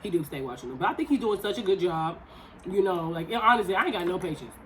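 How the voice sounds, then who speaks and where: A woman's voice: fairly low pitch, animated, fast talker, crowd noise, rough recording. A woman in her thirties co-hosting a podcast, talking casually and animatedly over a meal, laughing often. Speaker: podcast co-host.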